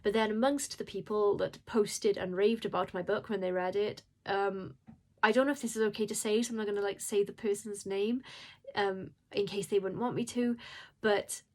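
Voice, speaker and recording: A woman's voice: mid-range voice, fairly even intonation, normal speed. A woman who is an indie horror author, talking casually to camera in an emotional, rambling and apologetic way. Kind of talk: casual vlog talk.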